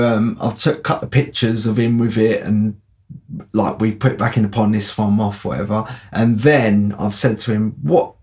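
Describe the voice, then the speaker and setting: A man telling a casual, rambling anecdote, often asking "you know what I mean". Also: mid-range voice. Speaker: storyteller.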